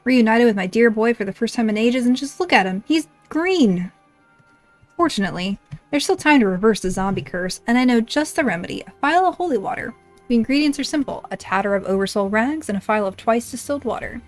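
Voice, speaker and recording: A woman's voice: on the high side, lively intonation, dry recording, faint music behind, natural voice. A woman reading aloud the lines of a fiery older mother who scolds her useless husband. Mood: urgent. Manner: reading game dialogue aloud, brisk and scolding.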